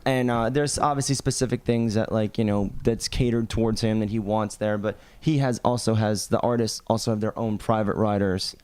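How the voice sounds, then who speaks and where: A man's voice: lowish voice, fairly even intonation, a little fast, hardly any pauses, a little mellow, clean tone. Chuckling male drummer guest. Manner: rambling storyteller, chuckling, many restarts. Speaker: podcast guest, touring drummer. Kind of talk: casual podcast chat.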